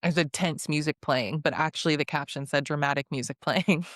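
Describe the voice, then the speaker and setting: Woman recapping reality tv, lots of laughing and acting out quotes, kinda low voice, dry close sound. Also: fairly quick, no echo. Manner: chatty, laughing often, acts out quotes; sassy commentary. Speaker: recap host. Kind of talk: casual reality-show recap.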